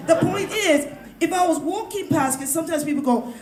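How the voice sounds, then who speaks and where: Loud, emphatic woman with a high voice in a roomy space, laughing between points as a panel guest. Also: brisk. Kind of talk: opinionated panel discussion. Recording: roomy, echoey sound.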